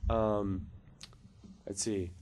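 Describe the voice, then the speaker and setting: A man's voice: on the low side, level tone, very slow, a little mellow, a little hiss or hum. A man telling a long funny story on a casual podcast, rambling with many fillers. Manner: rambling, lots of "like" and "uh", laughs at own story.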